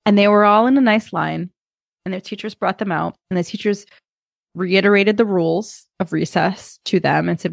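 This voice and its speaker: A woman in her thirties, co-hosting a podcast and telling a lively story in a casual chat. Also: medium pitch, moderate pace, gravelly, no echo, clean studio sound. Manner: animated storyteller, acts out kids and herself. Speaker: podcast co-host.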